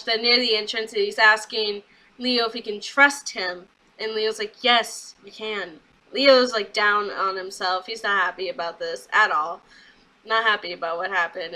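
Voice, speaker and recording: Bright-voiced giggly young woman. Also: a little high, low-quality recording. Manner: giggly, acts out quotes in quick little voices. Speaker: wrestling show reviewer. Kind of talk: casual recap vlog.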